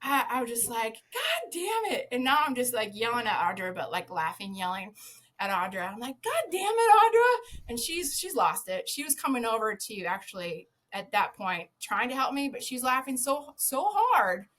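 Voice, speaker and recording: Casting: upbeat woman, slightly high voice, chatty anecdote teller who cusses and laughs through it. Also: moderate pace. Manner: lively storyteller, swears freely, laughs often. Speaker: podcast guest, former zookeeper. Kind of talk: casual anecdote telling.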